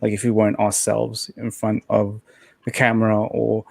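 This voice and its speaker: A man's voice: on the low side, monotone, moderate pace, creaky, a little mellow, breathy edge, dry recording. A young man on a panel call, talking casually and rambling with many fillers and restarts.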